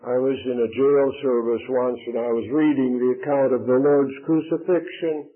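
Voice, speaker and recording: A man preaching a sermon in an earnest, emphatic way, pausing heavily to stress his points. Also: medium pitch, fairly even intonation. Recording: tinny phone-like radio broadcast.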